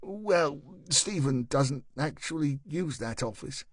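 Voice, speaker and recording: A man voicing an anxious, polite upper-class woman who keeps up a strained smile, in a higher, prim voice. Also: expressive, slow pace, no room sound, clean studio sound. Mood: flustered.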